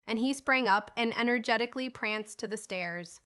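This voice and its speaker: A woman narrating a classic children's novel as an audiobook, reading in a lively, expressive way. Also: mid-range voice, normal speed, few pauses, clean tone.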